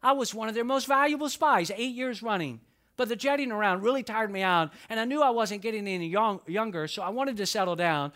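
A man's voice: high voice, a little fast, pushed and bright, voice pushed up. A man voicing a boastful male talking dog spinning a tall tale about his spy career, as a joke within a sermon.

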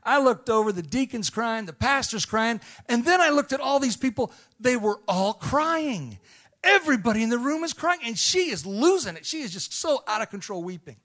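High-voiced man preaching a sermon. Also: big pitch swings, moderate pace. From Illinois. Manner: storytelling, swings from hushed to shouting. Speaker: missionary preacher.

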